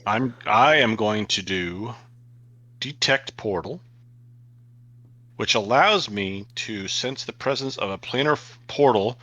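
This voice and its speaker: A man's voice: lowish voice, bright, forceful tone, no echo. A man playing a tabletop game, eagerly explaining what his character does. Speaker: player. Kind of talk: casual tabletop game chat.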